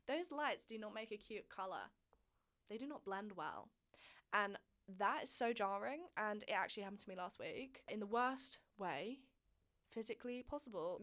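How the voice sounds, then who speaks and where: A young woman in her twenties, telling a frank personal story in a candid, chatty way with plenty of swearing and emphasis. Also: mid-range voice. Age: 20s. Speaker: vlog host.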